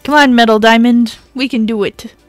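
A playful woman streamer chatting and laughing over a team shooter game. Her voice sits a little high, recorded close and dry with no room sound. Game music plays faintly behind her. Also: fairly even intonation, moderate pace, no room sound. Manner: giggly, playful. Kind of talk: casual gaming chat.

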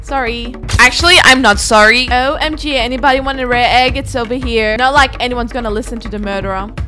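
A woman with a high, bright-sounding voice talks her way through a video game, reacting fast and chattering excitedly. Quiet background music plays beneath her commentary. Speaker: gaming video host. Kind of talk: live gameplay commentary.

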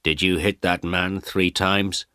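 A man voicing a stern male policeman who speaks in a measured way. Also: low voice, flat delivery, bright, forceful tone, clean tone, no echo, studio quality, heavily acted.

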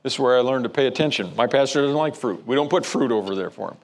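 Casting: male pastor, mid-pitched, gravelly, sermon storytelling with stumbling restarts. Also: quick pace. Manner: storytelling, frequent stammered restarts.

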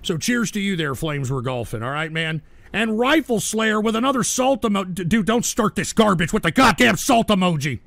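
A man's voice: sits high, expressive, normal speed, creaky, fairly bright tone, no echo. A man hosting a livestream show, reading viewer donations and ranting at trolls with irritable, profane outbursts. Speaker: host.

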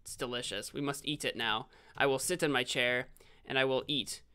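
A young man live-streaming a video game, rambling and correcting himself, with sudden excited outbursts. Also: mid-range voice, moderate pace, clear, resonant tone.

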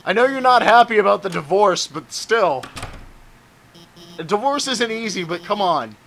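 A man's voice: sits high, expressive, normal speed, fairly bright tone. A man giving casual let's-play commentary, joking, swearing and talking to the game's characters. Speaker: let's player. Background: game music.

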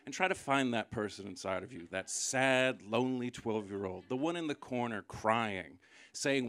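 Sarcastic stand-up comic with a bright voice. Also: male voice, mid-range voice, moderate pace, no echo. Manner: sarcastic, builds to loud mocking rants. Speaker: stand-up comedian. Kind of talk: live stand-up set. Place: live comedy venue.

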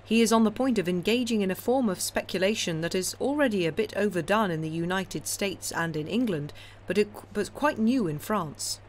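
A woman reading a calm ironic count. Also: medium pitch, brisk, a little hiss or hum, pitched above the performer's own voice, natural voice. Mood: smooth, ironic. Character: calm, ironic older male count, commanding and sly.

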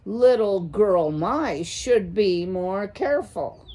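A woman's voice: medium pitch, expressive, slow, mellow. A woman voicing a menacing, snappish male horned owl in a read-aloud storybook. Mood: gruff, impatient. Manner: snarling, snappish.

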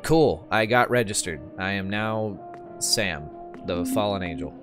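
A man giving casual gameplay commentary, relaxed and wry, thinking aloud as he plays. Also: fairly low pitch, a little slow, faint music behind. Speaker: gamer, channel host.

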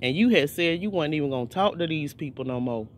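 Quick and animated, a high-voiced man preaches an informal sermon on video over a slight hiss or hum. He is fervent and repetitive, returning to his words, repeating phrases for emphasis, and making many restarts.

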